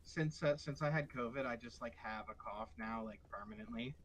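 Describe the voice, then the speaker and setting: A man's voice: mid-range voice, moderate pace, a little hiss or hum, low-quality recording. A young man from Pennsylvania rambling casually while gaming, swearing heavily and filling gaps with "like". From Pennsylvania, USA. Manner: rambling, heavy swearing, fillers like "like". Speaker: gamer.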